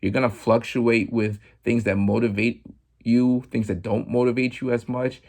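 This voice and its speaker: A man hosting a podcast, talking through music news in a relaxed, chatty monologue full of "like" and "you know". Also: mid-range voice, moderate pace. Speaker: podcast host. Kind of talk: casual commentary monologue.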